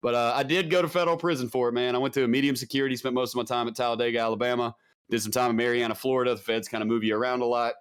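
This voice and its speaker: Fast-talking candid man. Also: medium pitch, fairly even intonation, clean tone. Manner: candid, blunt, peppered with "man". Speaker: podcast guest. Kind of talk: casual conversation.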